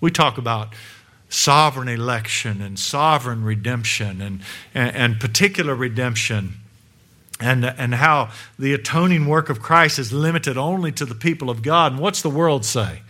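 A man's voice: mid-range voice, normal speed. Emphatic preacher man with rhetorical questions. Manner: emphatic, rhetorical questions, swings between loud and hushed. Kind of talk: sermon. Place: church room before a congregation.

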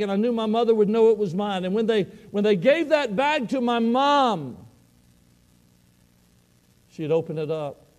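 A man's voice: high-pitched, a little mellow. A man voicing a frightened teenage boy confessing. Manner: tearful, quivering confession. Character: panicked teenage boy football player, ashamed.

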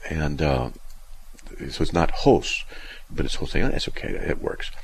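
A man hosting a casual talk radio show and answering listener emails. He is animated, laughs often, argues with rhetorical questions and acts out the people he quotes. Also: rumbling low, a little slow, vocal fry, slightly rough. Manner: argumentative, asks rhetorical questions.

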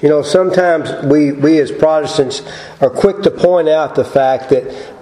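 A man preaching a Sunday morning sermon and reading scripture aloud in a slow, deliberate way. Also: on the high side, a little mellow, reverberant, rough recording. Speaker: pastor.

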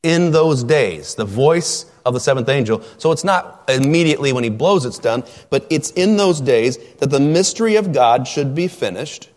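Emphatic preacher, male, slightly high-pitched, swings from shouts to hushed asides, long reverb. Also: expressive, normal speed, few pauses. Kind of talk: expository sermon.

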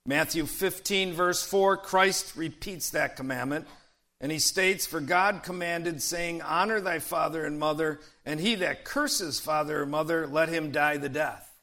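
Emphatic male preacher with a bright voice. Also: a little high. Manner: emphatic preaching, calls out "Amen?" to the congregation; slows right down to stress key phrases. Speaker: pastor. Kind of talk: sermon.

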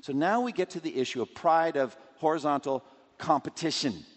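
A man's voice: a little high, expressive, normal speed, long reverb tail. A man preaching a sermon, walking through scripture and acting out quotes and everyday scenes. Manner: expository, acts out scripture quotes and scenarios.

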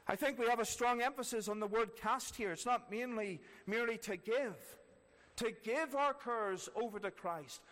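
A man's voice: very high voice, fairly bright tone. A man preaching a sermon earnestly, repeating key phrases for emphasis. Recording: long reverb of a large hall.

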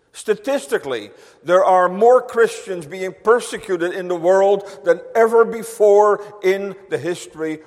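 A man preaching a sermon to his congregation, slow and emphatic, reading scripture solemnly. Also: fairly high pitch. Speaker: pastor. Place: church sanctuary. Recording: long reverb of a church hall.

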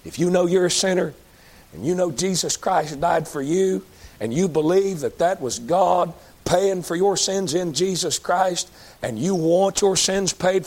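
Preacher guy, kinda high voice, pleading hard, swings loud then real quiet. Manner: fervent, emphatic, pleading. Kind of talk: evangelistic sermon.

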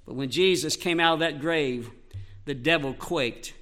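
A man's voice: a little high, a little slow, a bit bright. A man preaching a sermon, emphatic and repetitive, quoting scripture verse by verse. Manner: emphatic, quotes scripture, repeats phrases.

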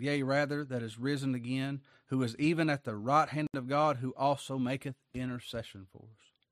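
A man preaching a sermon. He reads scripture aloud, rises to emphatic peaks, then drops low for quiet asides. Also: dry recording, studio quality.

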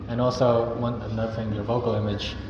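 A man's voice: mid-range voice, flat delivery, a little fast. Young man, sermon, earnest conversational preacher, reverberant hall, dull lo-fi sound. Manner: earnest, conversational, acts out example greetings. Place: church hall. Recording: echoey, dull hall recording with noise.

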